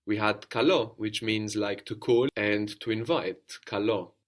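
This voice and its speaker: A man with a lowish voice leads a language lesson. He explains at an unhurried pace and prompts the student, then echoes each reply back to confirm it. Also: steady tone. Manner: patient, prompts the student and repeats answers. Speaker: language teacher. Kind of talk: guided audio lesson.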